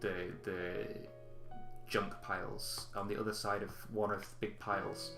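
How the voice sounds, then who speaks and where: A man narrating as game master of a tabletop game, relaxed and halting, with many fillers. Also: fairly low pitch, gravelly, echoey room, over music.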